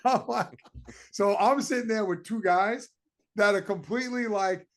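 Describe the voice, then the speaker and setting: A man, telling a long story on a podcast in an animated, exasperated way, with swearing. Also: sits high, normal speed. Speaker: podcast co-host. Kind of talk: casual storytelling.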